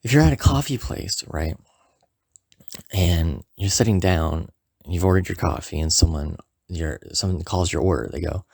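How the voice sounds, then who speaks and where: Low gravelly man telling a funny story. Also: moderate pace, a little mellow, no room sound, studio quality. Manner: rambling, full of "you know" and "like"; acts out the friend's lines in a higher voice. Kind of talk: casual comedic storytelling.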